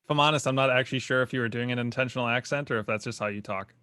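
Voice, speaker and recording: A man's voice: mid-range voice, racing, pushed and bright, smooth, no room sound, studio quality. A man co-hosting a casual garden podcast, laid-back and joking. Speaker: podcast co-host.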